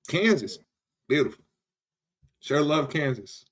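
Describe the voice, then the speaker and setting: A man with a slightly high, sing-song voice speaks slowly as he hosts a relaxed livestream. He greets viewers by name in a chatty way, laughs easily, and frequently trails off and starts over.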